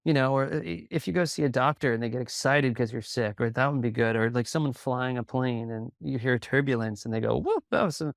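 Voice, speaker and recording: A man who coaches in sales, a guest on a podcast, talking calmly and steadily as he tells stories. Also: medium pitch, gravelly, no room sound, studio quality. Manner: calm, even delivery with quick bursts of storytelling. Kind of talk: conversational interview.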